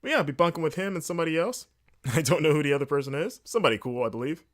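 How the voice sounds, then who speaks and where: A man hosting a solo podcast, rambling casually in a jokey, animated way late at night. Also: a little high, rapid-fire. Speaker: podcast host.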